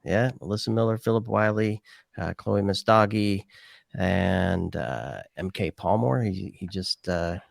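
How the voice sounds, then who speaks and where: A man's voice: low-pitched, measured pace, gravelly, dry recording, clean studio sound. A man hosting a podcast, talking casually and rambling as he thinks aloud. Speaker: podcast host.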